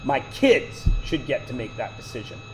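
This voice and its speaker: A man's voice: mid-range voice, huge pitch swings, moderate pace, noisy background. A man teaching math to a class, lecturing with chatty, joking side stories. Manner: chatty, digressive, joking asides.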